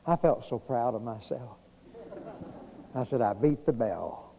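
A man's voice: mid-range voice, expressive, creaky, dark tone, slight background noise. Folksy preacher man in reverb. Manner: folksy, conversational with many pauses and fillers. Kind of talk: storytelling sermon. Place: church sanctuary.

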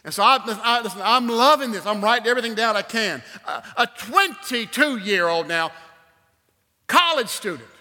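Bright-voiced preacher in a reverberant church. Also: male voice, extremely high pitch, fast talker, few pauses. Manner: animated storytelling, swings from loud exclamations to hushed invitation. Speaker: guest preacher. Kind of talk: sermon with personal story. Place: church sanctuary. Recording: long hall reverb.

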